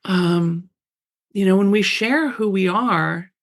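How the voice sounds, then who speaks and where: A woman's voice: mid-range voice, slow. A middle-aged woman guest on a radio interview, chatting casually and animatedly, often laughing and acting out little quoted voices. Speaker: author guest.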